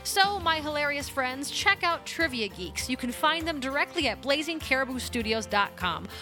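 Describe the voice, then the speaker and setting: A woman hosting a podcast, calmly reading a scripted promo spot. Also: sits high, moderate pace, over music. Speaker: podcast host.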